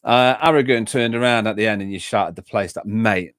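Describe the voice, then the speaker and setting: A man's voice: lowish voice, brisk, a bit bright, no room sound, clean studio sound. An Englishman hosting a music reaction livestream, rambling casually and answering viewers' comments with many fillers and restarts. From England. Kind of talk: casual chat, reading and answering live comments.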